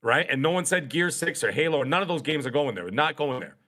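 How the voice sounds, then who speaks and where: A man's voice: fairly high pitch, expressive, a little fast, sharp tone. A middle-aged man appearing as a guest on a casual podcast, making his points emphatically and repeating words for effect.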